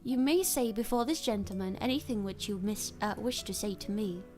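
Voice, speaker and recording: A woman's voice: medium pitch, lively intonation, moderate pace, darkish tone, soft background music, lightly acted. A woman voicing a cool, commanding male detective in a read-aloud story. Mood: dry.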